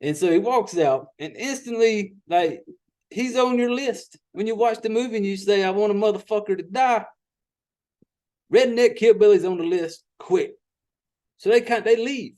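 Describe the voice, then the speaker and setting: High-voiced Southern man recapping a movie. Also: normal speed, a little mellow. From Southern United States. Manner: profane, rambling storyteller. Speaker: podcast host.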